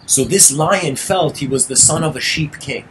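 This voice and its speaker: A man's voice: fairly high pitch, moderate pace, noisy background. A man lecturing in a casual, meandering storytelling way. He often restarts phrases and adds "you know".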